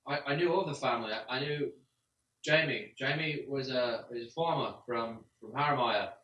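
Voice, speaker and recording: A man's voice: medium pitch, moderate pace, a bit bright, dull audio, natural voice. A man voicing a shaken, kindly male townsman who talks bluntly and stammers. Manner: blunt and plain-spoken, stammering. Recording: roomy sound, far from the mic, faint ambience.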